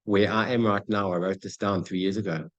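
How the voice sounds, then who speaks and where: A man's voice: on the low side, fairly quick, dull audio. A man giving a motivational talk on goal setting, addressing his audience directly and acting out little scenes. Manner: energetic, acts out dialogue, addresses audience as guys. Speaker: motivational speaker.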